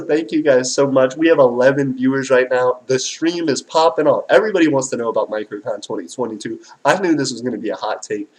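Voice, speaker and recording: Excitable man hosting a livestream. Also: fairly high pitch, low-quality recording. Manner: animated, excitable, slangy. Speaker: livestream host. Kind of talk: casual live-stream reaction chat.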